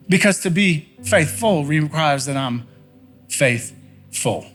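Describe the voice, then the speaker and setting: A pastor with a notably high voice preaches in a church. He is folksy and conversational and hammers his points home through repetition. Faint music plays softly under him. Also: lively intonation, slow pace. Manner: conversational preacher, repeats phrases for emphasis, folksy. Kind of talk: sermon. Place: church sanctuary.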